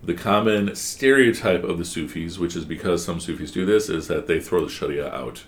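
A man's voice: sits low, moderate pace. A man teaching a one-on-one class, explaining patiently and asking guiding questions.

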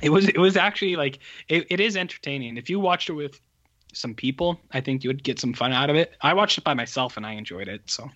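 Animated, profane man on a lo-fi call. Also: a little high, quick pace. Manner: rambling, profane, animated storytelling. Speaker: podcast co-host reviewing movies. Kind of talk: casual chat. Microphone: remote call. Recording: muffled lo-fi call audio.

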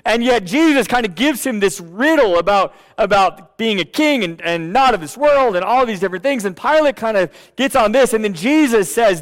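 A man's voice: high voice, expressive, moderate pace, few pauses. A man giving a conversational sermon as pastor, often checking in with the listeners and restarting his phrases. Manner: casual, checks in with "okay" and "right"; frequent restarts and repeated words.

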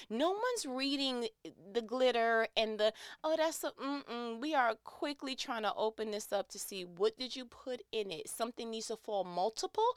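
A young woman chats casually in a bright, clean voice recorded close and dry. She talks animatedly, tearing up a little and acting out the quoted lines in her stories. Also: a little high, no echo. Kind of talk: casual chat.

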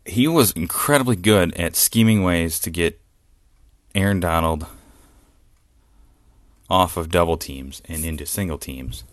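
A man with a very low, deep voice talks through a close podcast mic in a dry, dead room. He rants with excitement, swears freely and breaks into laughs often. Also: measured pace, long pauses, no room sound. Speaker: podcast host. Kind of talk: solo sports podcast rant.

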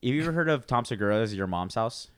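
A man's voice: mid-range voice, animated, fast talker, no room sound. A man in his twenties co-hosting a podcast, telling rambling stories and acting out the people he quotes, with many restarts. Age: 20s. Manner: rambling storyteller, acts out quoted voices, restarts often. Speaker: podcast co-host. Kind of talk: casual chat.

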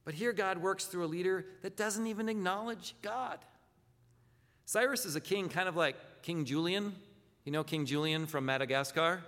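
A man preaching a sermon in a relaxed, conversational way, circling back on his words and tossing out rhetorical questions. His voice sits slightly high for a man, and it trails off into a long reverb in what sounds like a church sanctuary. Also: normal speed. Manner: conversational, self-correcting, asks rhetorical questions. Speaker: pastor.

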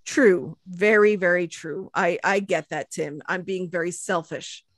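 A woman's voice: fairly low pitch, a little slow, no room sound, studio quality. A woman hosting a casual sports podcast, rambling and self-deprecating with lots of fillers. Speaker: podcast host.

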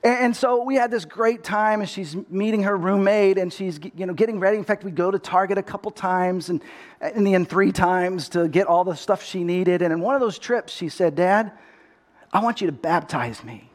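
Earnest high-voiced male pastor. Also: fairly quick. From Texas. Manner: earnest, storytelling, often restarts words. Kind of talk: sermon.

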